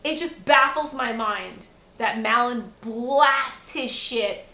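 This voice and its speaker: A woman's voice: fairly high pitch, slow pace, creaky, pushed and bright. A woman in her thirties chatting casually with her stream while cooking at home, rambling and swearing freely. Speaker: live streamer and mother. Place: home kitchen. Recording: echoey room.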